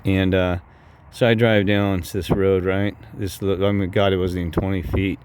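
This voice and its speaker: A man's voice: low voice, little pitch movement, normal speed, darkish tone, slight background noise. A man telling a rambling, heated story to his viewers. He curses often, keeps repeating "I said", and his voice jumps up when he quotes himself. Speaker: vlogger telling a personal story.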